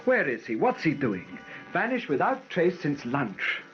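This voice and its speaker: An actor playing an anxious, wry young aristocrat with a slightly husky voice. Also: male voice, a little high, very animated, a little slow, dull audio, faint music behind. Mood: fretful. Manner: wry, fretful, clipped.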